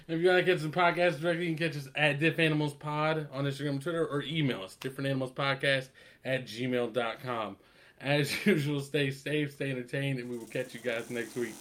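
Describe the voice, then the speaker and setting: A man's voice: medium pitch, a little fast. A man co-hosting a podcast, joking around in casual chat with lots of laughter and swearing. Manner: laughing, profane, animated banter. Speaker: podcast co-host.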